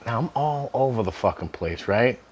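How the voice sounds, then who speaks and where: A man's voice: medium pitch, normal speed, breathy edge. A middle-aged man casually telling a personal story to camera, swearing freely and laughing often. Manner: profane, laughing often, animated.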